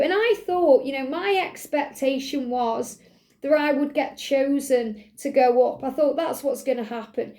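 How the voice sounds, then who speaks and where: A woman's voice: high voice, a little mellow. A woman hosting a spiritual video, telling a heartfelt personal story in an earnest, emotional way. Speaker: spiritual channel host. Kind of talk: casual spiritual talk to viewers.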